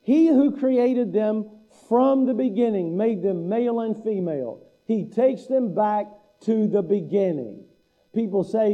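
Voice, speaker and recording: A man's voice: sits high, unhurried, phone-quality sound. A man pastor delivering a sermon in a conversational, self-deprecating preaching manner.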